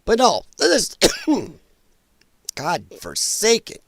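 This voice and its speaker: A high-pitched man with wildly swooping intonation and vocal fry speaks very slowly, recorded with no room sound. Hosting a casual political livestream, he's blunt and exasperated, coughing often from an irritated throat and frequently apologizing.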